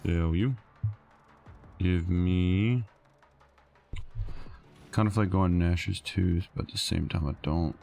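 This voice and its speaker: Gamer guy, low gravelly voice, irritated running commentary, game music underneath. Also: slow, pauses often, darkish tone. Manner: exasperated, grumbling at teammates. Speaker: gameplay streamer. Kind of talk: casual gaming commentary.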